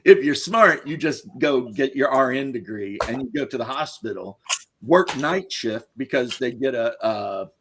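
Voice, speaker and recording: Man, middle-aged, podcast host, blunt and crude, laughing at his own stories, bright forceful voice. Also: mid-range voice, expressive, normal speed, breathy edge. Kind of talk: casual opinionated chat.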